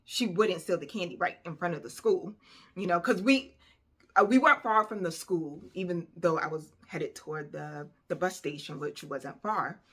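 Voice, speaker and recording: A woman telling a personal story in a casual vlog, animated and conversational, with plenty of fillers. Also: lowish voice, moderate pace, husky. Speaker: vlogger.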